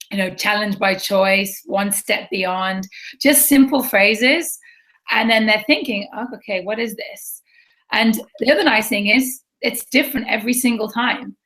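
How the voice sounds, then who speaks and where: A woman of middling pitch co-hosts a casual chat. She talks in an upbeat, chatty way, with quick asides and trailing half-sentences. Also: a bit bright, low-quality recording. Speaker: podcast co-host, PE teacher.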